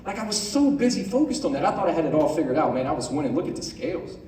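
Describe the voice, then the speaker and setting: A young man giving a casual, conversational sermon to a youth group, often asking "right?" and reading scripture out slowly. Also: fairly high pitch, sing-song, darkish tone, slight background noise. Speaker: youth pastor. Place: large room on stage. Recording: echoey room, voice from far off.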